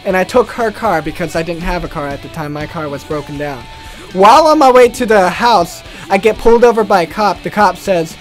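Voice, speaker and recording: A man's voice: sits high, brisk, faint music behind. A young man hosting a casual video, telling a rambling story and swearing freely. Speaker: gaming channel host.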